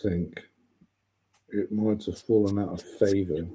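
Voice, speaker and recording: A man's voice: lowish voice, fairly even intonation, measured pace, background noise. A man chatting on a retro gaming live stream, laughing often and jumping in with asides. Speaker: moderator. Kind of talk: casual chat.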